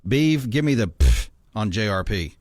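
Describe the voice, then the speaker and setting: A male sports radio host with a low voice. He chats through his picks and reads listener texts aloud, sure of his opinions. The sound is dry and close. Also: big pitch swings, a little slow, darkish tone, dry recording. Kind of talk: sports talk radio chat.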